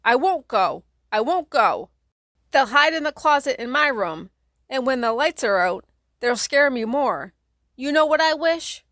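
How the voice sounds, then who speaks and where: A woman's voice: a little high, lively intonation, normal speed, a bit bright, no echo, clean studio sound, pitched above the performer's own voice. A woman doing a shrieking, whiny little girl. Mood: whining. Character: scared crying little girl.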